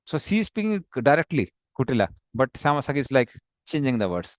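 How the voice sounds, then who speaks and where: Man, scripture teacher, halting with restarts, dry close sound. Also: mid-range voice, big pitch swings, no echo. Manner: halting, many fillers and restarts. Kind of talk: explaining a text, paraphrasing dialogue.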